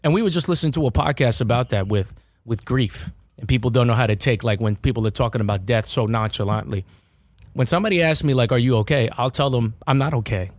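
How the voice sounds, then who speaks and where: A man's voice: mid-range voice, expressive, quick pace, no room sound. A man hosting a casual podcast chat, rambling with restarts and repeated words. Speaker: podcast host.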